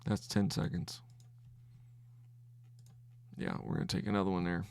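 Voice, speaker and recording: A man hosting a trading podcast, thinking aloud through his trades in live commentary, halting and restarting as he counts wins and losses. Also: low-pitched, flat delivery, darkish tone, clean tone.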